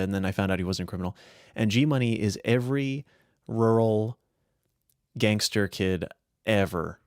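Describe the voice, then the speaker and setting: A man from northern New Hampshire chatting casually on a podcast about his roleplay characters, rambling and animated. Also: on the low side, no echo, clean studio sound. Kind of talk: casual chat.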